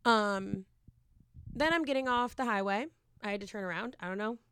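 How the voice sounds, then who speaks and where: A woman's voice: medium pitch, normal speed, fairly bright tone, smooth, dry recording. A young woman in her twenties telling a long, rambling story in casual chat, swearing freely and acting out quotes.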